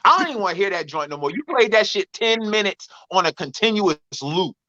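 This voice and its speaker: A man, a comedian telling an animated, emphatic story on a radio show. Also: high-pitched, fairly quick, dry recording, muffled recording. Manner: animated, emphatic, with a Southern Black vernacular flavour. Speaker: comedian guest.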